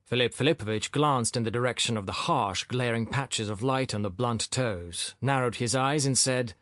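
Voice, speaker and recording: A man reading a novel aloud as an audiobook narrator, in expressive, measured storytelling. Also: medium pitch, no echo, studio quality. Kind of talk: scripted narration.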